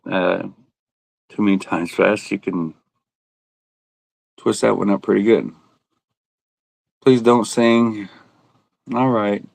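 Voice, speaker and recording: A man's voice: mid-range voice, gravelly, no echo, low-quality recording. A man running a casual live auction, joking and laughing as he calls out bids and buyers by name. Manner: joking, laughs often, self-teasing. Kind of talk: casual livestream auction chat.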